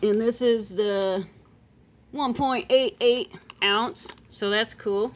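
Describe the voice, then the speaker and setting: Female collector vlogger, higher voice, unhurried and playful, with sing-song outbursts. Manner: playful, chatty, with excited squeals and sing-song calls. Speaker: silver coin collector vlogger. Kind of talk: casual unboxing chat.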